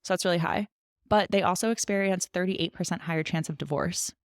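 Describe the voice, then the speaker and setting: A woman's voice: fairly low pitch, brisk, no echo, clean studio sound. A woman co-hosting a podcast in casual chat, chatty with many fillers and frequent laughs. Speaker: podcast co-host.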